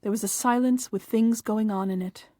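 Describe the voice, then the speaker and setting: A woman narrates a short story in a plain, even storytelling manner. Her voice is somewhat high yet dark and mellow, and it is recorded close and dry. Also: normal speed, dry recording. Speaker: audiobook reader.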